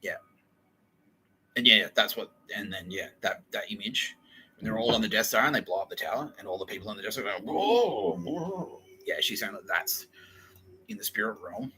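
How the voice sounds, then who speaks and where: Man, young, rambling comic monologue, profane, laughs a lot, sharp, low. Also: fairly quick, a little hiss or hum, low-quality recording. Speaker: podcast host. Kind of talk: casual comedic monologue.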